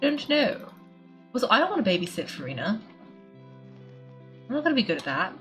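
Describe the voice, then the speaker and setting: A woman's voice: on the high side, sing-song, a little fast, fairly bright tone, faint music behind. A woman talking casually over her gameplay and reading the dialogue aloud, giggling often. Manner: chatty, giggly, reads game dialogue aloud. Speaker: gameplay streamer. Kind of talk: casual let's play commentary.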